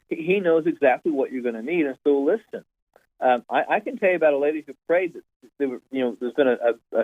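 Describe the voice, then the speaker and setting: A man, a pastor, telling an animated story in casual conversation, often repeating his words. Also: a little high, no echo. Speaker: pastor, guest. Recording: tinny phone-like line, dry.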